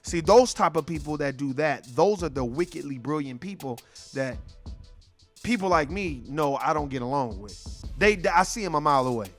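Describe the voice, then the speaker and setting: Host, male, slightly high voice, blunt and animated, faint music underneath. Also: moderate pace. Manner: blunt, emphatic, profane, animated. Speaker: podcast host. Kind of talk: casual conversation.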